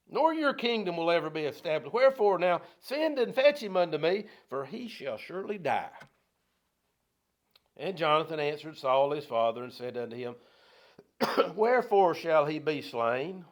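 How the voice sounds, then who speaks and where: Male Bible teacher, folksy, slightly higher voice, flips between reading verses and casual retelling. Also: expressive, normal speed. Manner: folksy, reads scripture then paraphrases in plain talk, rising loud on quotes. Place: church.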